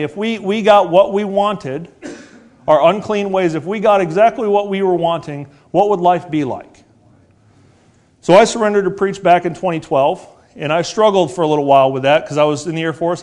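A man in his forties preaching a sermon, earnest and repetitive, asking rhetorical questions and slowing down to stress key words. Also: on the high side, darkish tone.

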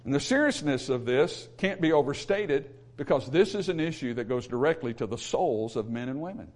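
A man's voice: medium pitch, lively intonation, moderate pace. A male pastor preaching a sermon in an emphatic, repetitive way, with humorous asides.

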